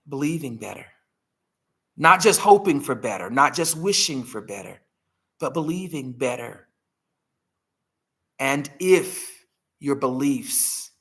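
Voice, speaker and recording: A woman hosts a live healing talk, speaking earnestly and telling heartfelt stories. Her voice is bright and forceful. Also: rumbling low, vocal fry. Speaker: host.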